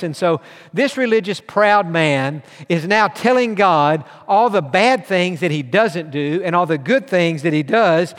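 High-voiced preacher man in a reverberant hall. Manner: earnest preaching, reads scripture aloud, rising emphasis. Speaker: pastor. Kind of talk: sermon.

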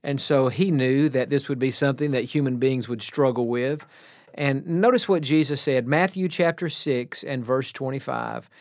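A man's voice: mid-range voice, a little mellow, no room sound, studio quality. Earnest man preaching a radio sermon. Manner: earnest, plainspoken, slows down to stress scripture.

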